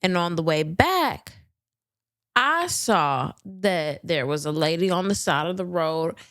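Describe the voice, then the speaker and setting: A woman's voice: fairly low pitch, expressive, takes it slowly, fairly bright tone, no room sound, clean studio sound, pitched below the performer's own voice, exaggerated voice. A woman voicing a woman suspect who tells a made-up story to detectives in an offhand, storytelling way.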